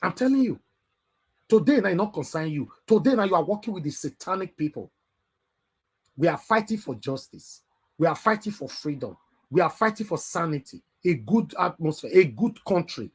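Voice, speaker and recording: A man with a Nigerian Pidgin English accent hosting an online call-in show, lecturing in a preachy way that rises to loud emphatic bursts. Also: a little high, big pitch swings, moderate pace, slightly rough. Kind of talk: impassioned live talk show.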